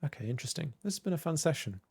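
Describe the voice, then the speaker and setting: A man's voice: on the high side, expressive, racing, vocal fry, darkish tone, slightly rough, dry recording. A man hosting a casual livestream, chatting to viewers in a rambling, hesitant way with many fillers. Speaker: livestream host. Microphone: desk microphone with headphones.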